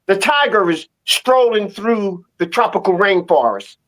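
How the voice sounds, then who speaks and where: A man's voice: high-pitched, animated, a little slow, fairly bright tone. An emphatic man talks casually as a guest, building his points through repetition. He likes to drift into proverbs and folk stories to make his case. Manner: emphatic, proverb-telling, repeats himself. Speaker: teacher and guest. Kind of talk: casual storytelling chat.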